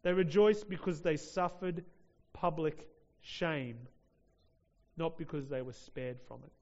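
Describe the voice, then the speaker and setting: Male preacher, slow and emphatic, slightly high voice, muffled lo-fi sermon recording. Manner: emphatic, rising to loud peaks then dropping low.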